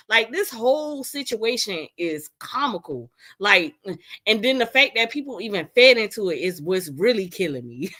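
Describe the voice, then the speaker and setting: A young woman giving animated, incredulous casual commentary in a vlog, often laughing. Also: medium pitch, normal speed. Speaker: vlogger.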